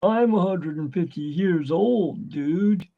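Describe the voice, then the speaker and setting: A man's voice: sits high, slow pace, gravelly, narrow, tinny audio, voice pushed up, heavily acted. A man doing a laid-back turtle dude, Crush. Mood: mellow. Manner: drawling, slangy.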